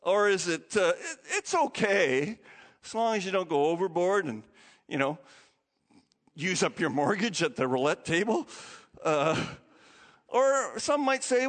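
A man preaching a sermon, opening with a prayer and telling stories with animated, lively delivery. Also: high voice, a little slow, pauses often. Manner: animated storytelling, acting out quoted voices. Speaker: pastor. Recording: long hall reverb.

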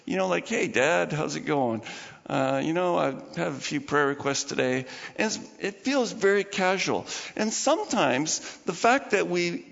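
A man's voice: sits high, creaky, a bit bright. A man preaching a sermon as pastor, chatty and informal, with laughing asides to the congregation. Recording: muffled sound with long hall reverb.

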